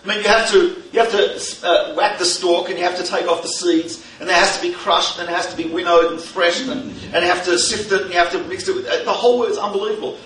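A man giving a religious lecture, an animated storyteller who mixes in jokes. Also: sits high, fast talker, hardly any pauses. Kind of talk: lively teaching lecture with stories and jokes. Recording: roomy, distant mic, faint background noise.

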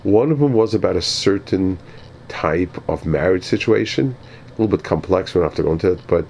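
A man teaching a Torah lecture as a rabbi, speaking in a halting way with many repeated words and pauses. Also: low voice, lively intonation, gravelly, darkish tone, a little hiss or hum, rough recording.

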